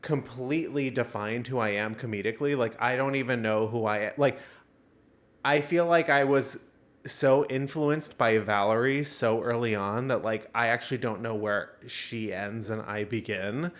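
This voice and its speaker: Man, podcast co-host, casual chat, animated storytelling, fillers and restarts. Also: mid-range voice, normal speed. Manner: animated storyteller, many fillers and self-interruptions.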